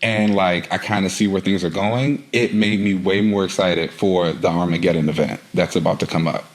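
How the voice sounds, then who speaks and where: A man's voice: sits low, steady tone, moderate pace, rough recording. A man co-hosting a podcast, casually recapping a comic book and filling his retelling with "like.". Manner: rambling storyteller, heavy use of "like". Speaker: podcast co-host.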